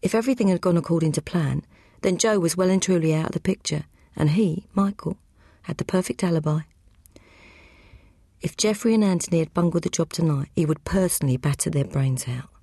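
A woman reading an audiobook crime novel aloud, brisk and matter-of-fact. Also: lowish voice, warm tone, breathy edge, no room sound, clean studio sound. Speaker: audiobook narrator. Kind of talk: scripted narration.

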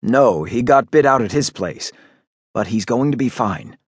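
A man playing a calm town doctor. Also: mid-range voice, unhurried, slightly rough, dry recording, studio quality. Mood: reassuring.

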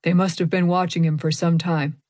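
A woman's voice: fairly low pitch, level tone, no echo, clean studio sound, close to an everyday voice. A woman reading a furious, cursing priest. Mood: urgent. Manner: shouting, cursing, hurried. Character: furious bloodied male priest, urgent and swearing.

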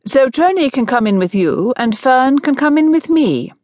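A woman's voice: fairly low pitch, expressive, normal speed, a little mellow, no echo, studio quality, natural voice. A woman voicing a stern, commanding older aunt in an audiobook. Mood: brisk. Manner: firm and commanding.

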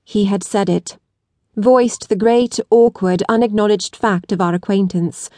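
Woman reading an audiobook, measured. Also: medium pitch, warm tone, no room sound. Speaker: audiobook narrator. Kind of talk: scripted narration.

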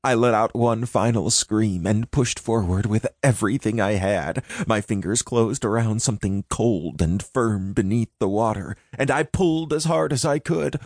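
A man's voice: lowish voice, normal speed, hardly any pauses, a little mellow, no room sound, clean studio sound. A man narrating a first-person audiobook in a dramatic, intense reading.

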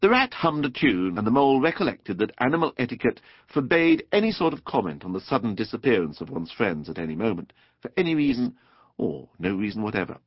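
Animated, husky-voiced male storyteller. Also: mid-range voice, brisk, no echo. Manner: expressive, playful, animated. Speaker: audiobook narrator. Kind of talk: storybook narration. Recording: dull dry studio recording.

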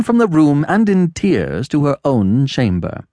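A man narrating a classic novel in a measured, lowered storytelling voice. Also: wildly swooping pitch, warm tone, no echo, studio quality. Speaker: audiobook narrator.

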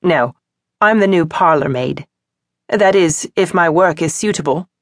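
A woman's voice: fairly low pitch, animated, unhurried, no room sound, studio quality. A woman narrator voicing a polite, modest young parlour maid with a Midlands accent, in an audiobook. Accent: Midlands English.

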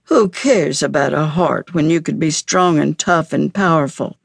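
A woman's voice: low-pitched, normal speed, gravelly, slightly rough, no echo, full character voice. A woman voicing a mocking male rhino brother in a storybook, with a snorting, scornful manner.

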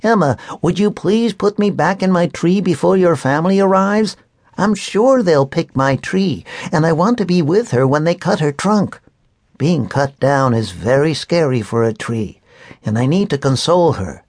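A man's voice: on the high side, lively intonation, normal speed, darkish tone, dry recording, pitched above the performer's own voice. Tiny storybook elf man, raised voice, earnest and stern, played by a male narrator; dry read. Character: tiny male Christmas tree elf, stern but kind.

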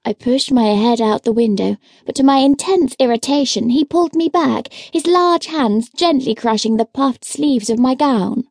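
A woman narrating a historical novel in first person, with a lively storytelling manner at a close microphone. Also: high-pitched, normal speed, hardly any pauses, dry recording. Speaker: audiobook narrator.

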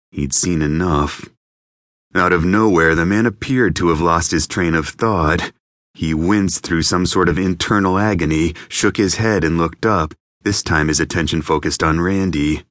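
A man narrating an audiobook in an even, measured reading voice. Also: very deep voice, dry recording, clean studio sound. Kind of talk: scripted narration.

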